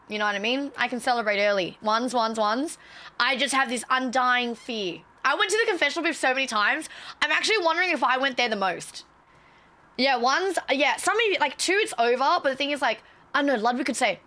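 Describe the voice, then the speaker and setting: A woman streamer chatting casually to her viewers, excitable and swearing freely. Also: high-pitched, fairly quick. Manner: excitable, swears a lot, talks straight to chat.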